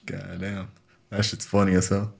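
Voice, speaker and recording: A young man co-hosting a casual podcast chat, laid-back and profane, quick to laugh. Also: deep voice, level tone, gravelly. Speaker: podcast co-host.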